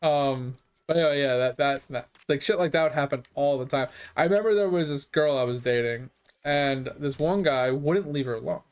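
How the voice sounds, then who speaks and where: A young adult man who streams games, telling profane, animated stories in casual chat. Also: fairly high pitch, moderate pace, smooth. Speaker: gaming streamer. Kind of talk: casual storytelling.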